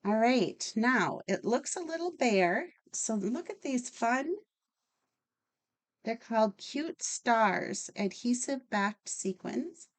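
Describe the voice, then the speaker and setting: A woman's voice: a little high, expressive, slow. A woman hosting a casual card-making tutorial, chatty and enthusiastic as she works. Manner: chatty, enthusiastic, talks while working. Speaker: craft channel host.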